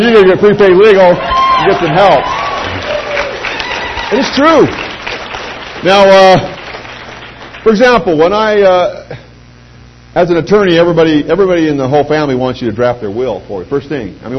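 A middle-aged man giving an anecdotal pitch speech to a live audience, telling lively stories and acting out quoted voices. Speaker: speaker addressing a sales audience. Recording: dull lo-fi recording with faint hum.

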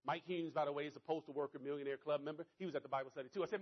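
A man giving a motivational speech to an audience, telling a story in an animated, conversational way. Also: fairly high pitch, very fast, slightly rough, lo-fi sound. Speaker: motivational speaker.

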